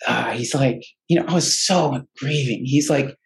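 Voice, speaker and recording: Gravelly man telling a rambling story. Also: medium pitch, moderate pace, low-quality recording. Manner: rambling, full of restarts and fillers; emotional, earnest. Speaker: podcast guest. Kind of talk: casual personal storytelling.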